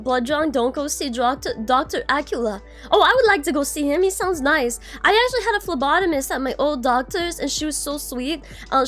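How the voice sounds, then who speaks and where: A young adult woman streaming, chatting casually and greeting her viewers by name, bubbly and swearing now and then. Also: high-pitched.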